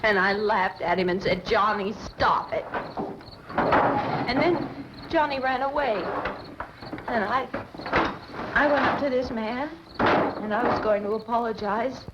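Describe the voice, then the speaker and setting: An actress playing a shocked young woman who haltingly recounts an attack and breaks into sobbing screams, from an old horror film on a dull home VHS tape. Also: a little high, heavy background noise. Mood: dazed. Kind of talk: 1960s horror film acting.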